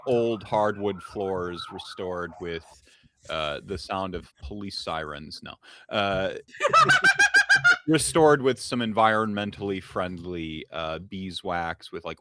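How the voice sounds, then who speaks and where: A man game master setting a scene for his players, with many pauses and fillers. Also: low-pitched, sharp tone, no room sound, clean studio sound. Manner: hesitant, filler-heavy scene description. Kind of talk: narrating a tabletop game.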